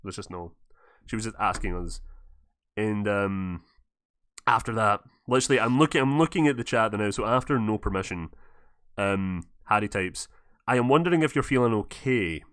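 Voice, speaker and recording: A man's voice: lowish voice, moderate pace, smooth, dry recording, clean studio sound. A man with a Scottish accent hosting a casual podcast, telling a story with lots of swearing and acting out what people said. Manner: animated, swears a lot, acts out quoted lines. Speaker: podcast host.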